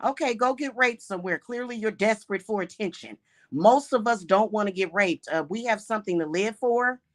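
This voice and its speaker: A woman's voice: medium pitch, a little fast. A woman who practices witchcraft and hosts her own channel, talking in an emphatic, indignant unscripted monologue full of restarts and repeated words.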